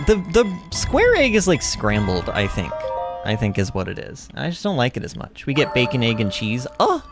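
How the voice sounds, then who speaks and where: A chatty woman livestreams a game, and her pitch bounces up and down as she talks to her viewers. Game music plays clearly behind her. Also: huge pitch swings, normal speed. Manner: chatty, bubbly, full of fillers and restarts. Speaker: game streamer. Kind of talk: casual livestream chat while playing.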